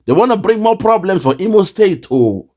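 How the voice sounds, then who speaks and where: A man's voice: high-pitched, big pitch swings, moderate pace, darkish tone. A man with a Nigerian accent hosting impassioned online political commentary, fiery and mocking, often breaking into laughter.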